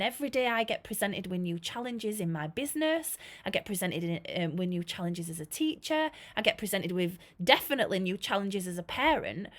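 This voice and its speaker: A woman in her forties, an early years teacher, giving an earnest, chatty training talk to camera, with lots of "you know" fillers. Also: on the high side.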